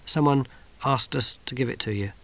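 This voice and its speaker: A man reading aloud, voicing a quiet, thoughtful teenage boy. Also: mid-range voice, normal speed, no echo. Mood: hesitant.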